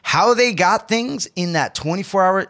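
A man's voice: high voice, lively intonation, moderate pace, a bit bright. A young man casually chatting on a podcast, telling rambling stories with restarts and laughs. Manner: rambling storyteller, restarts, laughs at own tales.

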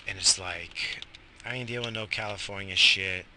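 A man's voice: deep voice, normal speed, pushed and bright, a little hiss or hum. A young man, talking outdoors at night in a rambling, griping monologue full of swearing. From Atlantic coast of the US. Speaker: vlogger.

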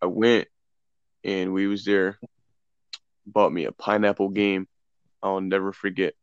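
A man's voice: sits low, unhurried, clear, resonant tone, no echo. A young man casually telling a profane story among friends, acting out the dialogue. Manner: loose, profane, animated retelling with quoted dialogue. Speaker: podcast co-host. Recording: dull, dry lo-fi sound.

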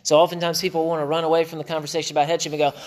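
A man preaching a sermon as pastor, conversational, with quick asides and self-corrections. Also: on the high side, level tone. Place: church.

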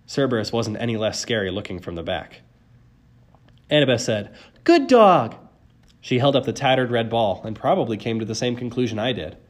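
Casting: male audiobook narrator, mid-pitched, steady and wry first-person storytelling. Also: brisk. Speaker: audiobook reader.

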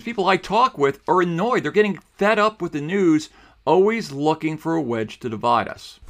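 A male podcast host delivers opinion commentary in an emphatic, argumentative way. His pitch sits a little higher than most men's and swings widely as he presses his points, and he grew up in the New York City suburbs. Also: fairly bright tone.

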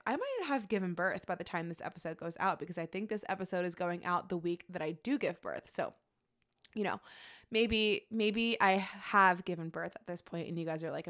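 A woman's voice: lowish voice, a bit bright. A young woman, heavily pregnant and a little out of breath, chatting casually and rambling as she hosts her own podcast, laughing often. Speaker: podcast host. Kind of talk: casual solo podcast chat.

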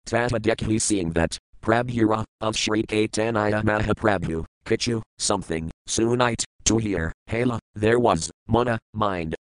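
A man reads verses aloud in a steady, measured recitation, giving each word's meaning and then the translation. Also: on the low side, dry recording, poor audio. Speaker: scripture reader.

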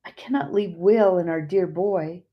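A woman's voice: on the low side, measured pace, highs cut off, close to an everyday voice. A woman voicing a frail, dying woman who speaks earnestly and pleads with her guide. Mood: earnest, pleading.

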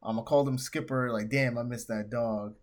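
A man's voice: medium pitch, fairly even intonation, a little fast, natural voice. Man doing a jerk supervillain, crude, tactless, offhand. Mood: mocking.

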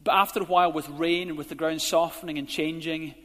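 A man's voice: fairly high pitch, steady tone, a little fast. Man, pastor, emphatic sermon, long hall reverb. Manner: emphatic, rising to forceful exhortation. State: out of breath.

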